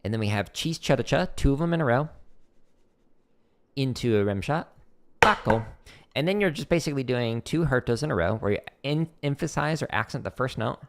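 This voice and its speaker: A man's voice: mid-range voice, lively intonation, fairly quick, heavy background noise. A man teaching drum rudiments on a home livestream, chatty and loose, with lots of "like" fillers, counting patterns aloud into a desk mic. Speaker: drum instructor streaming. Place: home practice room. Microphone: desk microphone.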